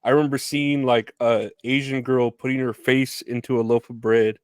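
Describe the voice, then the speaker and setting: A man's voice: mid-range voice, little pitch movement, normal speed, clean tone. A man hosting a podcast interview, chatting in a rambling, hesitant way with lots of fillers. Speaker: podcast host. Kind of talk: casual interview chat.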